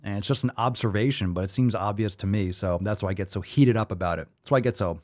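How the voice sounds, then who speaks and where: A man's voice: lowish voice, fast, darkish tone. A man hosting a podcast, ranting in a heated, mocking and foul-mouthed way. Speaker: podcast host. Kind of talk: profane fired-up rant.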